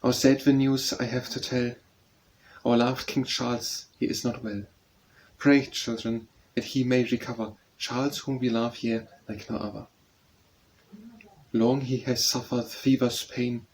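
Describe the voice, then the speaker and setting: A man's voice: mid-range voice, flat delivery, a little slow, darkish tone, slight background noise, natural voice, poor audio. A man voicing an old, kindly tower bell-ringer, telling sad news in a mournful, earnest tone in a storybook poem.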